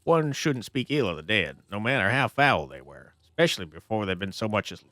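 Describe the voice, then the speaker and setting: A man's voice: on the low side, very animated, dry recording. A man doing a proper, mild-mannered miner. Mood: reproachful. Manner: measured, scolding gently.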